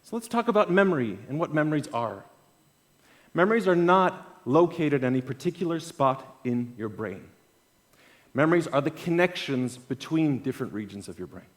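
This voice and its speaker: A man giving a storytelling keynote talk at an event. He swings between loud bursts and quiet asides. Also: on the high side, sing-song, normal speed. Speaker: conference speaker. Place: event stage.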